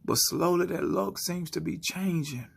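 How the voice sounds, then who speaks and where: Guy with a super gravelly husky voice doing a slow dramatic motivational sermon, goes quiet and whispery a lot. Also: high voice. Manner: slow, dramatic delivery that drops into hushed whispers. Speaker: motivational speaker. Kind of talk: spoken-word motivational sermon.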